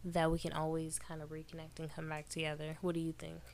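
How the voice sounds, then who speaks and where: A woman co-hosting a casual podcast with her husband, candid and quick to laugh. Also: low-pitched, monotone, vocal fry. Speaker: podcast co-host. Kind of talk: casual chat.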